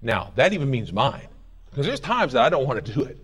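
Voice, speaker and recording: Animated middle-aged man preaching a sermon. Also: medium pitch, brisk, breathy edge. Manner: animated, jokey preaching with sung snippets and quoted voices. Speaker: pastor. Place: church sanctuary.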